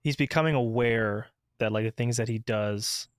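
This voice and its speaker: A man adds thoughts in a thoughtful, measured way as a podcast co-host. His voice is mid-range and sounds a little farther from the mic than the others. The recording is dry. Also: mid-range voice, clear, resonant tone, dry recording. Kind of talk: casual conversation.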